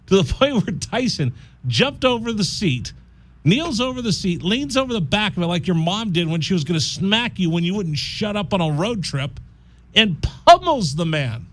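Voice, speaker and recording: A man's voice: high voice, moderate pace. A man hosting a college radio talk show, telling a story with jokes and slipping into mock voices. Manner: animated, jokey storyteller who slips into mock voices. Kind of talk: casual radio banter and storytelling.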